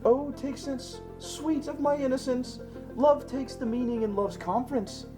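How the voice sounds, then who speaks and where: A woman's voice: sits high, unhurried, over music. A woman playing a fickle young male lover, playful and hamming it up, in an amateur Shakespeare reading. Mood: coaxing.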